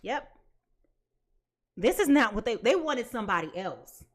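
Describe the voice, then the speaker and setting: A woman's voice: fairly high pitch, sing-song, measured pace. A woman giving a live tarot reading in a blunt, emphatic way, repeating her points. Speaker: tarot reader.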